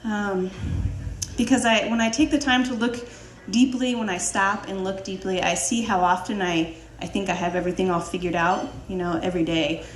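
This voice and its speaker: A woman's voice: mid-range voice, fairly even intonation, normal speed, a little hiss or hum. Woman telling a story live, lots of ums and little laughs, echoey room. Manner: warm, laughing, many fillers and restarts. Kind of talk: personal story told on stage.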